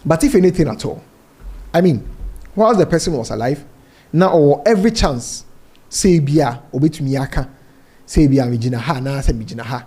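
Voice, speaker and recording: Ghanaian male gossip presenter, high animated voice, reads comments aloud mixing English and Twi. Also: normal speed, long pauses, husky. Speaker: entertainment news presenter. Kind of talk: gossip commentary reading social media comments.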